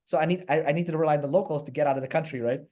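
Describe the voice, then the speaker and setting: A man's voice: a little high, racing, darkish tone. A man from Canada, a guest in a casual interview, telling a travel story with many fillers and restarts.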